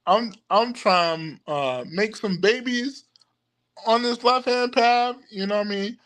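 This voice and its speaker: A young man hosting a livestream, talking casually to his viewers, halting and full of stammered restarts, often laughing. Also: sits high, a bit bright. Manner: addresses viewers directly as "y'all". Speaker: occult livestream host. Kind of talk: rambling casual livestream talk.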